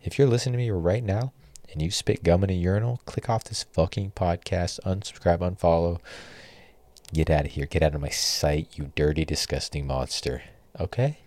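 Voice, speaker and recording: A man's voice: low voice, normal speed, darkish tone, dry recording. A young man hosting a solo podcast, ranting with exasperation and lots of swearing. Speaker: podcast host.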